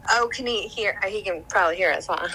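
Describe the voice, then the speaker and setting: A woman chatting casually with her gaming team, quick to giggle. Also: mid-range voice, pushed and bright, a little hiss or hum, low-quality recording. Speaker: alliance teammate. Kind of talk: casual voice chat.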